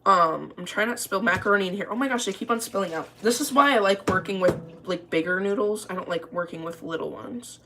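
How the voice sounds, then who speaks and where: A woman's voice: mid-range voice, fairly quick, sharp tone, a little hiss or hum. A young woman telling a story in a casual, rambling way, full of "like" and restarts, while cooking in her kitchen. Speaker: vlogger.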